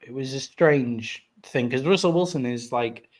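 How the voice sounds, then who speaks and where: A British man co-hosting a sports podcast, talking in a loose, animated way full of filler words and small rants. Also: medium pitch, a little slow. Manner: animated, ranting, frequent "like" fillers. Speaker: podcast co-host. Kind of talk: casual sports chat.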